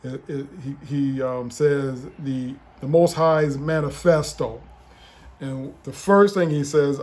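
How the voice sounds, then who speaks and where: A man preaching as an apostle, relaying revelations in a slow, solemn voice with frequent restarts. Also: mid-range voice, a little mellow. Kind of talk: preaching testimony and prophecy.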